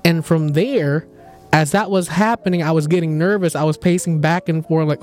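A man's voice: on the high side, moderate pace, darkish tone, soft background music. A young man hosting a podcast, animatedly telling a dream story with laughs, casual chat among friends. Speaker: podcast host.

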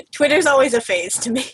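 A woman's voice: sits high, expressive, normal speed, fairly bright tone, husky. A young woman in her twenties, co-hosting a podcast in chatty, casual talk and laughing often. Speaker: podcast co-host. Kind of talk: casual chat.

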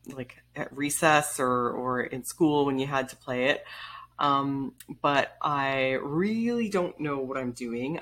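Woman in her thirties, low-pitched, chatty vlogger telling stories with blunt, wry humor. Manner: animated and wry, laughs while telling; blunt, swears casually. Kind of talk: casual storytelling monologue.

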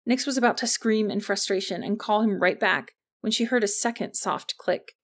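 A woman narrating an audiobook chapter in an even storytelling manner. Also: mid-range voice, moderate pace.

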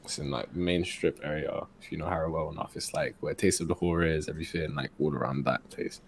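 A young man telling a story in a casual podcast chat from his bedroom, animated and breaking into laughter. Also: a bass voice, fast, slight background noise. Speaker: podcast co-host. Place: home bedroom.

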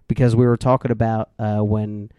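Dry, mellow-voiced man chatting animatedly. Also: on the low side, moderate pace, smooth, no room sound, muffled recording. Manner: animated storyteller, lots of "like" fillers. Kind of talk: casual movie chat.

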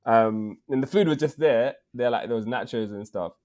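A man's voice: mid-range voice, moderate pace. A man with an English accent in his thirties, telling a story in casual podcast chat with lots of slang. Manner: slangy, animated, drops in "bruv" often. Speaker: podcast co-host.

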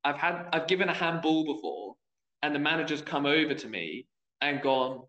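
A young youth football referee recounts a story in casual podcast chat, performing the voices he quotes. He speaks briskly on the high side, with lively intonation and a bright, forceful tone. The recording, made in an echoey room, sounds dull and lo-fi.

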